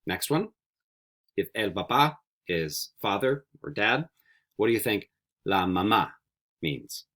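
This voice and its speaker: Guy teaching a vocab lesson, kinda low voice, says each word slow three times, asks the kids little questions. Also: animated, fairly bright tone. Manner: slow, carefully repeated word drills; friendly, coaxing questions to students. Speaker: Spanish teacher. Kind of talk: recorded classroom vocabulary lesson.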